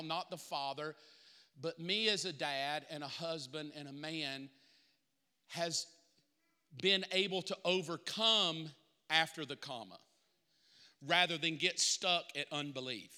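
Preacher guy, high bright voice, acting out the story, echoey church. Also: clear, resonant tone. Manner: animated, acts out Bible characters. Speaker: pastor. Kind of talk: sermon. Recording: reverberant church hall.

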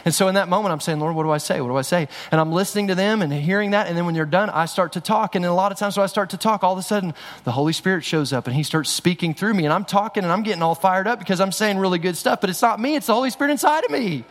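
This middle-aged pastor's voice sits high and races along with hardly a pause as he preaches in the church sanctuary. He speaks conversationally and restarts frequently, and the sound carries a long hall reverb.

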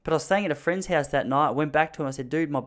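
A man telling an embarrassing story from his youth in an animated, self-mocking way. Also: racing. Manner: animated, self-mocking, jumps into high panicky voices for his younger self. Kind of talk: comic storytelling.

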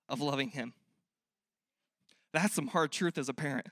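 A man's voice: fairly high pitch, moderate pace, pauses often, fairly bright tone, dry recording, studio quality. A young man preaching a sermon in a church, earnest and conversational, often asking the listeners questions. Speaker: pastor.

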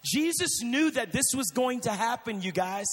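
Animated high-voiced male preacher. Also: normal speed. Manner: animated, emphatic, addresses crowd directly. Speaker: youth preacher. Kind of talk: sermon. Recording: reverberant hall with faint music.

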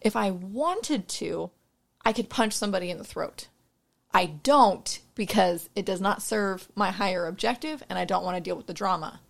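A young woman who works as a barista co-hosts a podcast, chatting frankly and swearing freely while telling a story. Her medium-pitched voice has vocal fry and moves at a moderate pace.

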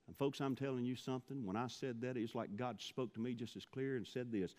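A man's voice: mid-range voice, steady tone, fairly quick, few pauses, a little mellow, long reverb tail. A man from Mississippi, preaching a sermon, telling stories and building to impassioned pleas. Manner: storytelling, rising to impassioned pleading.

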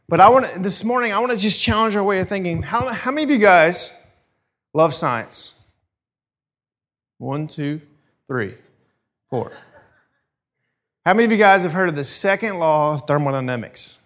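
A man's voice: high voice, moderate pace, long pauses. A man preaching a sermon in a casual, storytelling way. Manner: conversational storytelling, animated. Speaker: pastor.

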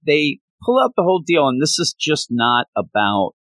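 A man chatting casually on a podcast, excited and rambling, often restarting his sentences. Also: fairly high pitch, normal speed, dry recording. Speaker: podcast co-host. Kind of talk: casual chat about comics.

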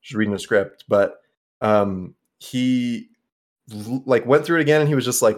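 A man's voice: mid-range voice, normal speed, darkish tone. A young man co-hosting a podcast in casual chat, rambling with lots of filler words and the odd swear. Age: young adult. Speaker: podcast co-host.

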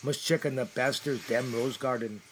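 A man's voice: medium pitch, normal speed, fairly bright tone, a little hiss or hum. A man performing a comedic gardener, who mutters to himself anxiously and talks fondly to his plants. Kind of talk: comedy sketch monologue.

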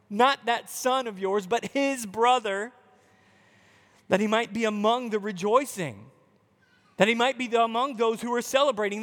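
A male pastor delivers an impassioned sermon in a high, ringing voice. His words trail off into the long reverb of a big church hall. At times he takes on the voice of a complaining believer. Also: fairly bright tone. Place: church building.

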